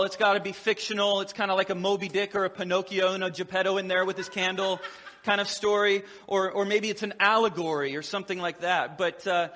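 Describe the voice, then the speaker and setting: A man's voice: high voice, bright, forceful tone, long reverb tail. A middle-aged man preaching a sermon as a pastor, conversational and humorous, slipping into quoted voices to tell the story.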